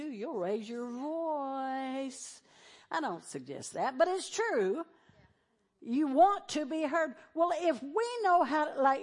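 Speaking straight to her congregation, a middle-aged woman pastor preaches in a high, bright voice. Her style is conversational, and she acts out the voices of those she quotes.

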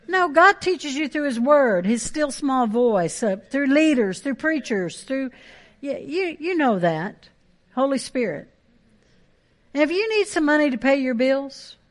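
A woman pastor, preaching a sermon with emphatic, repeated phrases. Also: high voice.

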